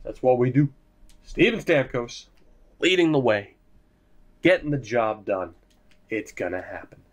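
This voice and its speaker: A young man casually commentating his hockey video game, joking and swearing, swinging from low mutters to sudden shouts. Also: expressive, measured pace. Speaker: gaming commentator.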